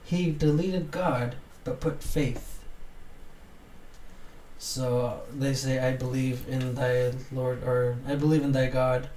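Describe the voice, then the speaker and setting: A young adult man telling a story in casual chat, animated and laughing often as he acts out what people said. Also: mid-range voice, takes it slowly. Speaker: podcast co-host. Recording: roomy, distant mic with faint noise.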